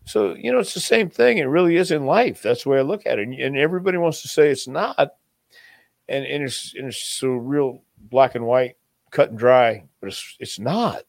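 Male guest, mid-pitched, rambling anecdotal delivery with frequent restarts, dry close sound. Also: moderate pace, vocal fry, dry recording. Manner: rambling, acts out quotes, many restarts. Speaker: interview guest. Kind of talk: casual storytelling interview.

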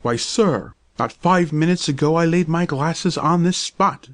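A man's voice: on the high side, unhurried, lightly acted. A man reading aloud and voicing a pompous, irritable doctor who talks in a stiff, indignant, lecturing way. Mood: insistent. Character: pompous irritable male doctor, middle-aged.

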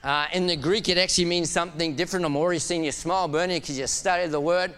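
A man preaching a sermon in a church, animated and laughing as he urges the congregation to call back to him. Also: fairly high pitch, fast talker, clear, resonant tone, long reverb tail. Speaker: pastor.

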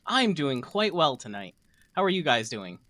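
Playful bright-voiced male podcast host. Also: on the high side, very animated, moderate pace, dry recording. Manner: playful, jokey. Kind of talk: casual chat.

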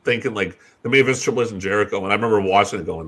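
A man co-hosting a casual chat show, blunt and profane, who swings between mumbled asides and loud outbursts. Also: on the low side, rapid-fire. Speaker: podcast co-host.

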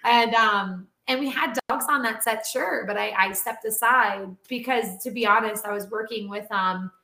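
Bright-voiced chatty woman animal trainer. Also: on the high side, normal speed. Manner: animated, chatty, heavy use of "like". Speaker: dog and animal talent trainer. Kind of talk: casual interview storytelling. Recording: roomy echo.

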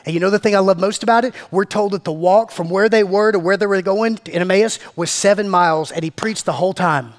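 A man preaching to his church in a casual, slangy way, swinging between loud and hushed. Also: high voice, brisk, few pauses. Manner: slangy, calls listeners "man" and "family". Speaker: pastor. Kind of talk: sermon. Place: church meeting room.

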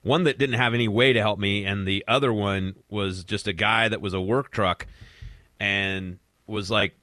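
A man's voice: on the low side, fairly even intonation, normal speed, sharp tone, dry recording. A man hosting a talk radio show, chatting casually with rambling fillers and restarts into a studio microphone.

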